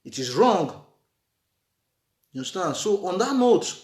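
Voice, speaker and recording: A man's voice: high-pitched, sing-song, unhurried, pauses often, a little mellow. A man with a Nigerian accent gives earnest, repetitive relationship advice in a casual preachy monologue, mixing in Nigerian Pidgin. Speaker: vlogger giving relationship advice. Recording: echoey room.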